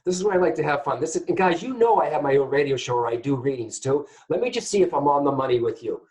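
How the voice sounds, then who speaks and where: A man hosting a call-in psychic reading show, chatty and animated, often turning to address his listeners. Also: on the high side, fast talker, low-quality recording. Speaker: psychic medium host.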